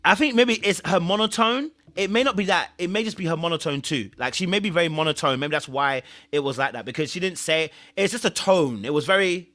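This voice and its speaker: Male live-stream host; casual, earnest, repeats points; a bright, tense voice. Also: fairly high pitch, fairly quick, hardly any pauses. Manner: chatty, repeats himself, thanks viewers often; earnest advice-giving. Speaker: show host reviewing a reality series. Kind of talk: live-stream recap chat.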